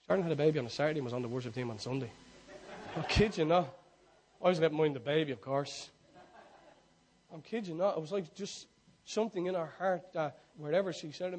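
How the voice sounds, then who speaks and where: A man pastor preaching a sermon, swinging from soft confiding asides to loud shouted prayer lines for the congregation to repeat. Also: fairly high pitch, brisk, a little hiss or hum. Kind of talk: sermon with call-and-response prayer.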